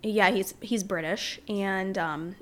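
A woman's voice: mid-range voice, takes it slowly. A woman chatting casually as a podcast guest, candid and blunt, with mocking asides. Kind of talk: casual chat.

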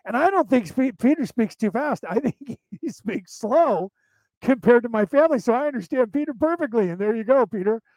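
A man from central California with a Southern drawl and Boston touches, hosting a podcast in fast, rambling casual talk full of fillers. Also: very high voice, animated, darkish tone, no echo, low-quality recording. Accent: American with Southern drawl and Boston touches. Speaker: podcast host.

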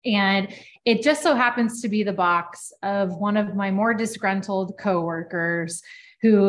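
A woman co-hosting a podcast tells a personal story about work in a casual, lively manner, using many filler words. Her voice is mid-range, and there is a little hiss or hum in the recording.

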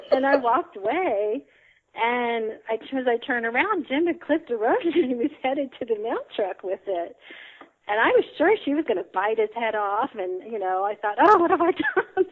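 A woman guest tells her story in a loose, chatty way, with plenty of fillers and frequent laughs. Her voice sits in a middle register. It comes through a narrow, tinny phone line. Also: medium pitch. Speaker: interview guest. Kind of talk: casual storytelling.

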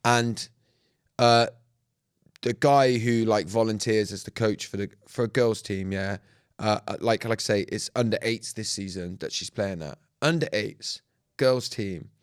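In a casual podcast chat, a British co-host spins animated stories and imitates the voices of the people in them. His voice is fairly low, clear and resonant, and he speaks at a measured pace.

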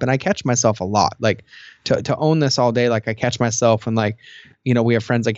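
A man's voice: medium pitch, fast, no room sound, lo-fi sound. A man co-hosting a podcast in casual chat, telling stories animatedly and acting out quotes. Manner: animated storytelling, acts out quotes, many fillers. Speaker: podcast co-host.

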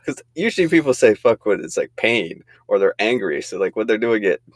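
A man's voice: on the low side, sing-song, brisk, no echo. A young man co-hosting a podcast in casual chat, laughing often and rambling through crude jokes. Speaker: podcast co-host.

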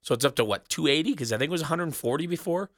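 A man's voice: a little high, expressive, rapid-fire, a bit bright, dry recording, studio quality. A man hosting a solo wrestling recap show, rambling and sarcastic, swearing casually as he talks alone in a small booth. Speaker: wrestling podcast host.

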